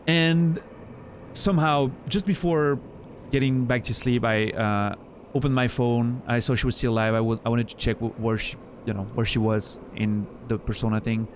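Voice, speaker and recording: Chatty male game streamer, mid-pitched. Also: steady tone, moderate pace, slight background noise. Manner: rambling, chatty storyteller with frequent laughs and restarts. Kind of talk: casual chat while playing a game.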